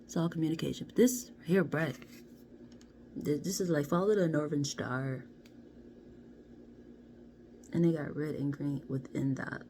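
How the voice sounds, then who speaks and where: A woman doing a casual card reading to camera, chatty and playful, often dropping into soft half-whispers. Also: low-pitched, a little slow, long pauses. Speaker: card reader. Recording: steady background noise.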